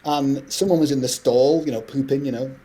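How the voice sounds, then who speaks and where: A middle-aged man, telling stories as a podcast guest in animated, rambling talk. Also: mid-range voice. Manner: fast, animated anecdote-telling with frequent laughs. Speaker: guest composer. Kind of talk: casual podcast interview storytelling.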